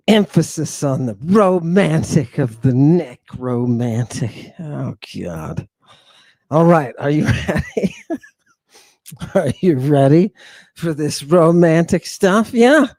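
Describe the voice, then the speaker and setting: A man's voice: fairly high pitch, darkish tone, dry recording. A man giving a theatrical lecture to his audience, exclamatory and mocking, with sudden outbursts and asides, and he keeps quizzing his listeners.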